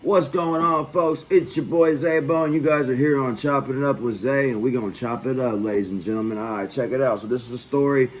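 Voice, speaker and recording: A man's voice: mid-range voice, steady tone, brisk, hardly any pauses, a little hiss or hum, low-quality recording. A man hosting his own channel, telling a personal story in a loose, profane, conversational way. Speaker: vlog host. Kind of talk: casual storytelling.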